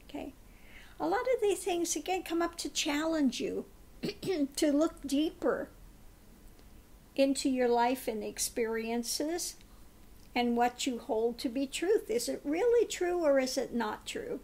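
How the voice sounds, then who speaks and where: A woman's voice: high voice, expressive, takes it slowly, darkish tone. A woman giving a spiritual tarot card reading in a meandering way, often laughing. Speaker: tarot reader.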